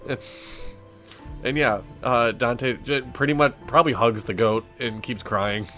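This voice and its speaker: A man playing his character in a tabletop game, animated and laughing often. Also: mid-range voice, normal speed, faint music behind. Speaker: player.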